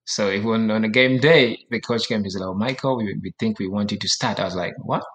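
A man's voice: lowish voice, fairly quick. A young man from Uganda, a professional soccer player, telling his story casually and acting out the voices of others with laughter. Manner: animated, acts out dialogue, laughs often.

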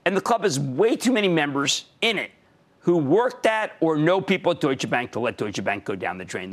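A man in his sixties hosting a market commentary show, talking emphatically and punching key words. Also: on the high side.

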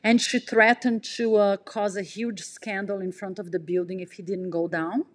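A woman telling a personal story in an emotional, breathless way, jumping in pitch as she acts out what people said. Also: flat delivery, normal speed. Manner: emotional, breathless retelling, acts out quotes with big pitch jumps. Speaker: podcast storyteller.

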